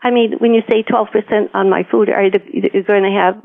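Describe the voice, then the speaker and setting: A woman's voice: mid-range voice, steady tone, brisk, gravelly, no echo. An older retired woman on a phone call who sounds upset and indignant and stammers over her words. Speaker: prank call target. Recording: tinny phone line.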